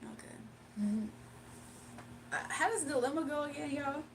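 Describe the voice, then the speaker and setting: A woman's voice: high voice, moderate pace. A young woman chatting casually with her viewers on a live stream, laughing often and breaking into bits of song. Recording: slightly distant mic with faint room noise.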